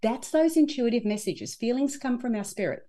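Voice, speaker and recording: A woman speaking as an interview guest, with a fairly high, mellow voice that swings widely in pitch. She talks in an animated way and acts out what she says to herself. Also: moderate pace. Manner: animated, acts out inner dialogue. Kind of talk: conversational interview.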